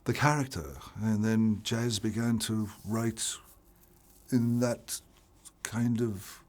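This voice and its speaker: A man from Ireland, an actor being interviewed, telling stories in an animated way, restarting and repeating his words. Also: fairly low pitch, slow pace. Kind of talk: casual interview chat.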